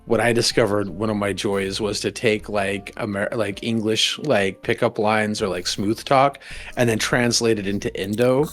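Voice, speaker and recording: A man's voice: lowish voice, steady tone, normal speed, fairly bright tone, soft background music. A man guesting on a stream who chats casually, stammers and laughs at his own jokes. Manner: goofy, self-amused, stammering.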